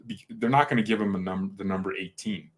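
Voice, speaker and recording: A man's voice: low voice, fairly even intonation, fairly quick. A man hosting a fan channel in casual livestream chat, rambling, correcting himself and joking. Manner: rambling, self-correcting, jokey.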